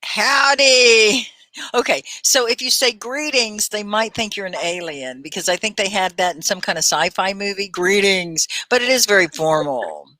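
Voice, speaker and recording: A woman from Texas with a Texan accent, hosting a casual live English lesson, chatty and quick to laugh as she sounds words out. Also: mid-range voice, expressive, pushed and bright, dry recording. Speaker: ESL teacher and host.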